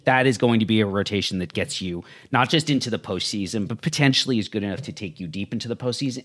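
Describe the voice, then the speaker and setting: A man hosting a casual sports talk conversation, speaking in a measured, analytical way. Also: lowish voice.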